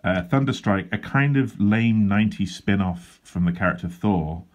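A man with a low, deep voice talks casually about his drawing plans. His humour is dry and self-deprecating, and he wanders off on asides as he goes. He sounds like a comic artist vlogging from his desk. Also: normal speed. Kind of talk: casual drawing vlog chat. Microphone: handheld wobbling camera.

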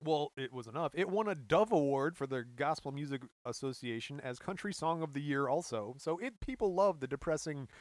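A man co-hosting a casual podcast, joking around and breaking into high mock voices while reading out facts. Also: a little fast, hardly any pauses, dry recording. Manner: animated, jokey, bursts into high mock voices. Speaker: podcast co-host.

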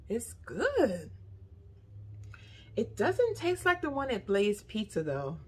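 A woman vlogger chats casually through a haul video, tasting snacks and sometimes talking with her mouth full as she chews. Her voice is a little high, slightly rough and slow, and she's chatty and expressive, saying "y'all" often.

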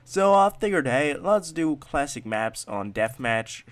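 A man's voice: fairly high pitch, expressive, a little slow. Hyper young man swearing through gameplay. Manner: hyper, swearing, swings from shouts to mutters. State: wired on energy drinks. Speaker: gaming channel host. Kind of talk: gameplay commentary.

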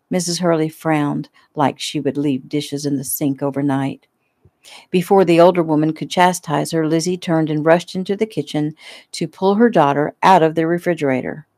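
A woman reads her own story in a relaxed, homey voice that sits low for a woman. The sound is dry and close, and she takes a slip or two in stride, like someone reading to family in the same room. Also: normal speed, no echo. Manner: relaxed, homey storytelling with small slips and throat clearing. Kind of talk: casual audiobook narration.

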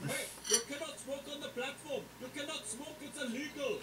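High-pitched uptight station guard, cartoon, slow deliberate speech, noisy far-off playback. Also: male voice. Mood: insistent. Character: uptight young male train station guard. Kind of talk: animated cartoon voice acting. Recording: cartoon audio played from speakers, echoey and noisy.

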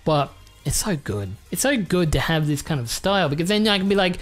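A young Australian man chatting casually and excitably while opening trading cards, swearing freely and rambling. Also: fairly high pitch, brisk, soft background music. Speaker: YouTuber. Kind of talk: casual card-unboxing chat.

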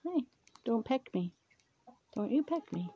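Slow, soft-spoken woman fussing over hens. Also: on the high side, very animated, breathy edge. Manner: coos and scolds her birds softly, often murmuring. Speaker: vlogger tending her chickens. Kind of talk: casual talk to animals. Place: outdoors in a chicken yard.

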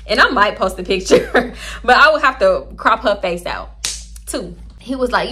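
A woman vlogger telling a storytime in a lively, profane way, acting out both sides of the exchanges. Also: fairly high pitch, moderate pace.

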